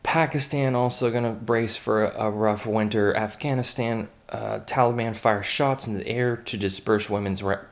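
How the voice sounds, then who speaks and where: A man's voice: fairly low pitch, steady tone, normal speed, few pauses. A young American man hosting a daily online news roundup, reading headlines in a casual way and breaking in with blunt, offhand comments, fillers and restarts. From United States. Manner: reads headlines then adds blunt, offhand asides with frequent fillers and restarts.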